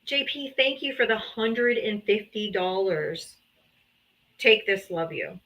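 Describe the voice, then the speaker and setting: A woman's voice: mid-range voice, lively intonation, slow, a bit bright, muffled recording. A woman hosting a livestream, reading out donations and thanking supporters, emotional and grateful, sometimes laughing or sighing. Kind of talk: casual livestream thank-yous. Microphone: streaming setup.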